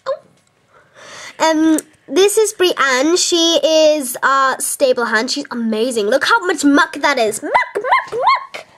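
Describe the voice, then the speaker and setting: A woman's voice: high-pitched, animated, takes it slowly, fairly bright tone. Giddy young woman squealing through a tour. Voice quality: giddy, squealing whoops, valley-girl "like" fillers. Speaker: mock stable owner giving a tour. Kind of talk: silly improvised home-video comedy tour.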